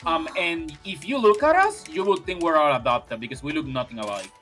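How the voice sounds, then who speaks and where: A man's voice: on the high side, fairly quick, faint music behind. A man from Puerto Rico chatting casually while playing a video game with a friend, often restarting his words and laughing. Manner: animated, stumbling restarts, frequent laughs. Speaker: guest player. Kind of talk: casual gaming chat.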